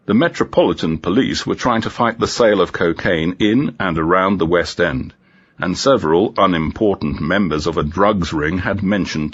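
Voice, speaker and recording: A man narrating a crime story for an audiobook in a measured, expressive way. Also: low voice, breathy edge, highs cut off.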